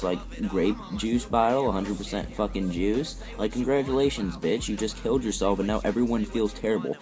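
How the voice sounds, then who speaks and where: A teenage boy with a fairly low voice delivers a heated, swear-filled rant as commentary over gameplay. He talks straight into the mic while faint music plays behind him. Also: brisk, hardly any pauses, a little mellow. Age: teens. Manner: profane, heated ranting. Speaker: gaming commentator.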